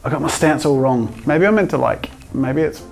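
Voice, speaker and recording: A man hosting a comedic art challenge vlog, joking with viewers in a self-mocking way and now and then shouting from excitement. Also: a little high, normal speed, vocal fry. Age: adult. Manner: playful, self-mocking, jokey asides to viewers. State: physically tired from drawing with a long pole. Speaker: art YouTuber. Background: faint background music.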